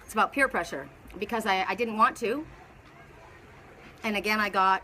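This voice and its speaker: A woman's voice: medium pitch, moderate pace, pauses often, bright, forceful tone, slight background noise. A woman spiritual teacher talking casually on a live video, telling a story in a rambling way with many restarts. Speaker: spiritual teacher and oracle reader.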